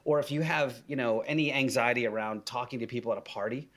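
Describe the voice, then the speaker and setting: A man's voice: medium pitch, steady tone, fast, a bit bright. A man guesting on a podcast, giving casual conversational advice with frequent fillers and restarts.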